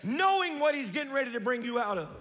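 Male pastor, high and animated, folksy sermon delivery, echoing sanctuary. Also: quick pace, soft background music. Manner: swings from quiet musing to loud preaching; folksy, reads scripture aloud.

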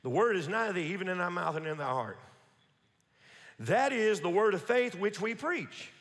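A man preaching a sermon as pastor, building to shouts and repeating phrases, recorded in an echoey church hall. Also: high voice, expressive, normal speed. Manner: preaching with rising shouts and repetition. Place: church sanctuary. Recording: echoey hall with long reverb.

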